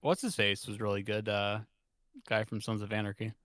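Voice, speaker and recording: A man's voice: fairly low pitch, little pitch movement, a bit bright, no room sound, clean studio sound. Joking, rambling male podcast co-host. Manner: joking, rambling, quick to laugh. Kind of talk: casual chat.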